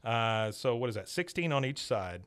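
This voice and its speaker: A man hosting a podcast, giving a casual, animated scene-by-scene recap of an episode. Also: medium pitch, normal speed, clean tone. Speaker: podcast host.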